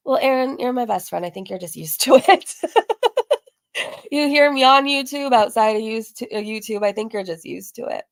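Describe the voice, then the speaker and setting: A woman with a gravelly, hoarse-sounding voice, chatting casually on a livestream as she reads and answers viewer comments, rambling with lots of fillers. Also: on the high side, brisk, hardly any pauses. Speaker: livestream host. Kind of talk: casual live-stream chat reading comments.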